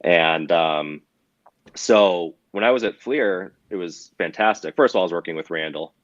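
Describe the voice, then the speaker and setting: Nasal, low-voiced congested man. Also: moderate pace, dry recording, dull audio. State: congested with a cold. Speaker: podcast guest, drone company employee. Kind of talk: casual conversation.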